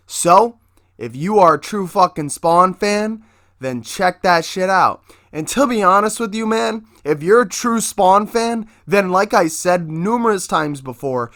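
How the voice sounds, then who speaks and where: A man's voice: fairly high pitch, a bit bright, no room sound, clean studio sound. A man casually promoting his own comic book, hyped and swearing constantly as he talks.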